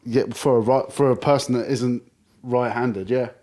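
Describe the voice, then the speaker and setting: A man's voice: mid-range voice, steady tone, moderate pace, warm tone. A man co-hosting a podcast, telling rambling anecdotes in casual chat. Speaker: podcast co-host.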